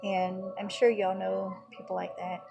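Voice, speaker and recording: A woman's voice: mid-range voice, level tone, unhurried, vocal fry, muffled recording, background noise. A woman giving an earnest religious teaching, retelling her own prayers and quoted conversations as testimony.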